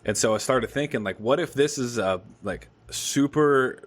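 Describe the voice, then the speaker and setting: A man's voice: medium pitch, normal speed. A young adult man hosting a podcast, telling a story in casual chat with lots of swearing. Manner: animated storytelling, swears freely. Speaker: podcast host.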